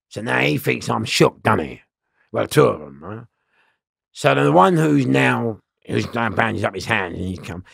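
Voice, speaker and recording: A middle-aged man, telling prison stories loudly in an interview. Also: mid-range voice, moderate pace, vocal fry, breathy edge, no echo, studio quality. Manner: loud, lively, laughing storyteller. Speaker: interview guest. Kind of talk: storytelling in an interview.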